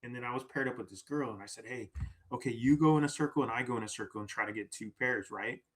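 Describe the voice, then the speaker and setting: Animated man telling a story. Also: medium pitch, quick pace. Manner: animated, acts out quoted voices, says "right?" often. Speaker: podcast guest. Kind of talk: casual storytelling.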